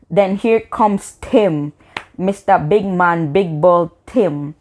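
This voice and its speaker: A young woman telling a storytime vlog, animated and emphatic, slipping into patois. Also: lowish voice, slow. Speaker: vlogger.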